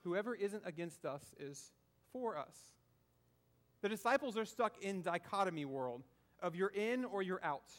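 This Southern American preacher has a voice that sits high and sounds a bit bright. His sermon is conversational: he poses questions to the congregation and repeats key phrases.

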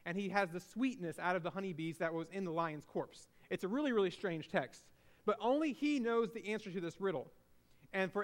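A man preaching, retelling a Bible story in a casual, animated way with frequent restarts. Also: high-pitched. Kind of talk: sermon storytelling.

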